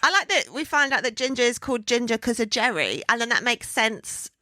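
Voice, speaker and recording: Bright-voiced chatty woman. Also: a little high, very animated, a little fast, dry recording. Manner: chatty, laughs often. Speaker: podcast co-host. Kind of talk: casual chat.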